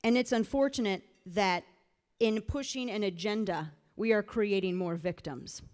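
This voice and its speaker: A middle-aged woman from the Missouri Ozarks delivers an emphatic rally speech that moves between pointed argument and folksy storytelling. Her voice sits at a middle pitch and carries through a large hall with a long, lingering reverb. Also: moderate pace, a little mellow. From rural Missouri Ozarks. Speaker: political speaker.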